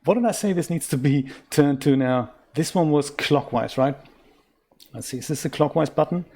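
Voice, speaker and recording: This German game streamer, his voice slightly high and warm at normal speed, does casual let's-play commentary on a puzzle game. He's chatty and self-mocking, wandering into rambling asides.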